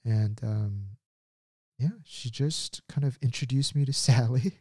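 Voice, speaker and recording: A man in his thirties hosting a podcast and telling a story in an animated, casual way, laughing at himself. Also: mid-range voice, a little slow, no room sound, clean studio sound. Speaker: podcast host.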